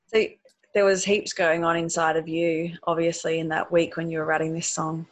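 Woman, interviewer, casual chat, encouraging, fairly low voice. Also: flat delivery, normal speed. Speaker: interviewer host.

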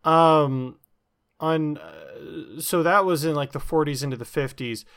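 A man's voice: a little high, expressive, measured pace, vocal fry, a bit bright, clean tone. A man explaining something at length in a casual comic chat, with plenty of ums and restarts. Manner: rambling explanation with many fillers and restarts.

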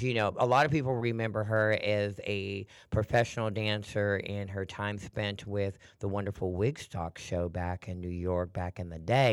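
A man hosting a radio talk show, chatting in a flamboyant, breezy way with a hoarse, throaty voice strained from performing. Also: on the low side, no room sound. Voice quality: throaty, husky. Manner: flamboyant, chatty, calls listeners honey and doll.

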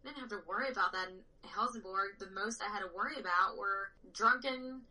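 A young woman tells stories in casual conversation. Her voice is strikingly bright and clear, and she talks animatedly, often breaking into laughter. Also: medium pitch, brisk, rough recording. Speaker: powerlifter guest. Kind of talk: casual chat.

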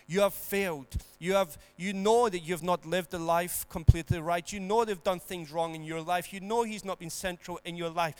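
A man preaching and praying, moving from hushed, tender prayer to loud, emphatic preaching. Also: high-pitched, clear, resonant tone, dry recording. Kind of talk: sermon and spoken prayer.

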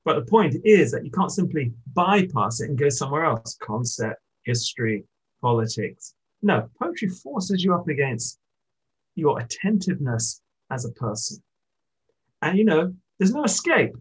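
A poet in conversation, speaking thoughtfully about poetry and pausing to restart his sentences. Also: fairly high pitch, big pitch swings, slightly rough, poor audio. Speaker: poet, interviewee. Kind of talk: reflective literary conversation.

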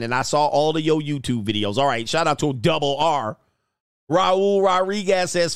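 A man's voice: fairly high pitch, moderate pace, clear, resonant tone, no echo, studio quality. A man giving casual livestream commentary, joking and laughing often.

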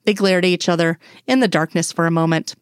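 A woman reading fan fiction aloud in a steady, even storytelling manner. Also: lowish voice, fast talker, clear, resonant tone, dry recording, clean studio sound. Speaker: audiobook reader. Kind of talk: scripted narration of fan fiction.

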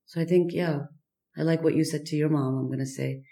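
A woman speaking candidly as a podcast guest, halting and searching, with many fillers and restarts. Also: sits low, fairly even intonation, mellow, echoey room. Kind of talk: candid personal conversation.

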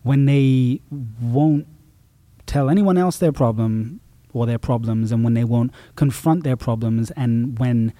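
Dark-voiced musician talking reflectively. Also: male voice, mid-range voice, a little slow, no echo. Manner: reflective, rambling with many restarts. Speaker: musician guest. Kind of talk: casual interview talk.

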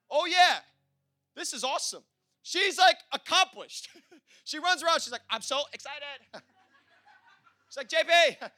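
A man preaching a sermon in an energetic, conversational way, laughing and repeating himself as he talks to the congregation. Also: very high voice, no room sound, clean studio sound. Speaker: pastor.

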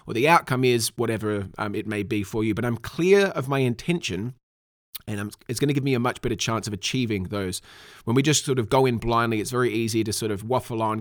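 A man's voice: mid-range voice, dry recording, studio quality. Emphatic man coaching sales calls. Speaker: sales trainer. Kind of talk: instructional talk.

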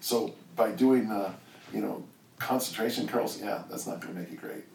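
Deep-voiced older man, echoey and distant. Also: moderate pace, vocal fry, a little mellow, slight background noise. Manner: rambling, lots of restarts and "you know". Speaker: strength coach and guest. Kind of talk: casual interview storytelling. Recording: echoey room, off-mic, faint ambience.

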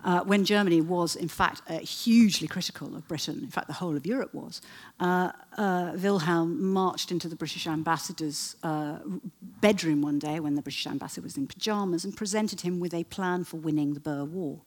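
A woman lectures on history to a live audience, telling it as a lively, digressive story. She pauses for wry asides and leans on frequent "uh"s. Her voice sits low and has a husky grain. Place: talk before an audience.

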